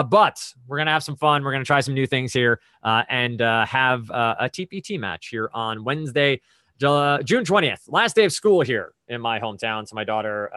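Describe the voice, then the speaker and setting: A man's voice: mid-range voice, pushed and bright, no echo. Chatty male trivia host on a dry video call. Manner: conversational, methodical, chatty asides. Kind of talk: explaining rules and reading clues.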